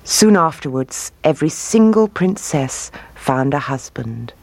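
A woman reading a fairy tale aloud as storyteller, expressive and rising on key words. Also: deep voice, unhurried, vocal fry, dry recording.

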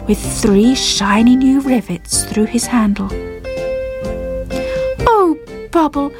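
A woman reading a children's story aloud in a gentle manner. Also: on the high side. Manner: gentle, slow. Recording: narration with children's music underneath. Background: children's music.

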